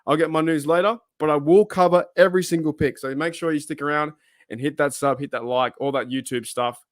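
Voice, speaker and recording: A man's voice: a little high, steady tone, brisk, no room sound, studio quality. A man talking casually to the camera as a sports YouTuber, rambling and thinking aloud with frequent asides. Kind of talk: casual solo video commentary.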